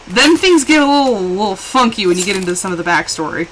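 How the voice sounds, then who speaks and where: A woman chatting casually while live-streaming a game, rambling and quick to laugh, switching between hushed asides and excited bursts. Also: fairly high pitch, a little hiss or hum, rough recording.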